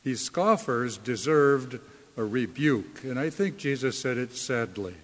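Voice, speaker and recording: A man preaching a sermon in a slow, deliberate way, leaning hard on key words. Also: mid-range voice, animated. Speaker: pastor. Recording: long reverb of a hall.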